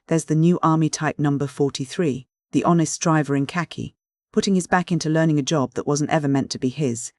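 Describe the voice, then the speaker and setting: A reader voicing a lively, wholehearted young Englishwoman in an audiobook, brisk and teasing. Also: sits low, dry recording, studio quality, natural voice. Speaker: character in an audiobook. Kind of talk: audiobook reading.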